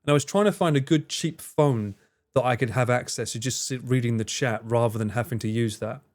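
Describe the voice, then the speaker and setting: This livestreamer's voice sits at medium pitch, a bit mellow, and he talks slightly quickly. Chatting loosely with his audience, he reads their messages aloud, replies, wanders off topic and curses now and then.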